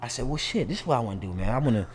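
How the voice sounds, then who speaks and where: A man's voice: medium pitch, very fast, slight background noise. A man telling a story in casual podcast chat, slangy and swearing freely, acting out the lines he quotes. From St. Louis, United States. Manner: animated storyteller, acts out quoted lines loudly. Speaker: podcast guest.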